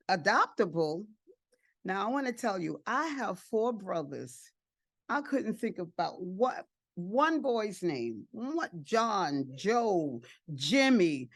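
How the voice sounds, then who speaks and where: Older woman, adoptive mom, emotional storyteller, lively swooping pitch, slow and deliberate, dry close sound. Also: dry recording. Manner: emotional, animated retelling with repeated phrases and acted-out quotes. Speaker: adoptive and foster parent sharing her story. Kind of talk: personal storytelling at a family support event.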